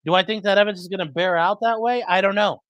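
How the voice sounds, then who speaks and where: A man's voice: sits high, quick pace, a bit bright, no room sound, highs cut off. A man hosting a live stream, casually chatting and answering viewers' comments. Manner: chatty, rambling, fixing mic settings mid-stream. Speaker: livestream host reading chat. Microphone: streaming desk mic.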